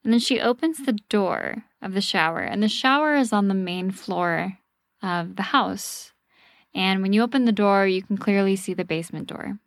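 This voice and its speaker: A woman host casually telling a ghost story on a podcast, animated and swearing freely. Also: medium pitch, normal speed, no echo, studio quality.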